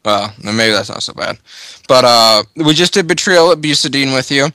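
A man's voice: mid-range voice, lively intonation, normal speed, pushed and bright, no room sound. A man hosting a casual podcast chat after a few drinks, loose and rambling. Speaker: podcast host.

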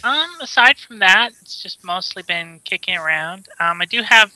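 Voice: mid-range voice, lively intonation, normal speed, bright, forceful tone, no echo, poor audio. A podcast guest chatting casually and listing off recent game progress. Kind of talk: casual gaming chat.

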